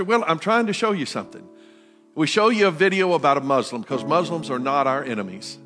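A man, the pastor, addressing his congregation in a halting way, repeating words as he goes. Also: fairly high pitch, expressive. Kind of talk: sermon. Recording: church service with music behind. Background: loud guitar and piano music.

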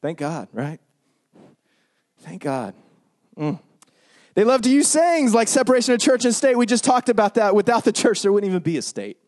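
A man preaching a sermon in a punchy, sarcastic way, swinging between loud bursts and hushed lines. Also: sits high, big pitch swings, moderate pace, long pauses.

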